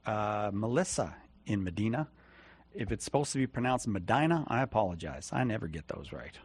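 A male call-in radio host with a husky voice. His pitch moves a lot as he takes callers, joking and poking fun at himself. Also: a little fast. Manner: jokey, lively, self-deprecating.

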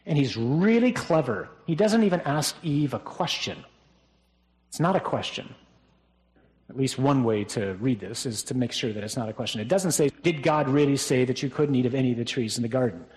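Male priest preaching at a funeral, conversational and mid-pitched, with a habit of tag questions. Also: normal speed, a little mellow. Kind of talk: funeral homily.

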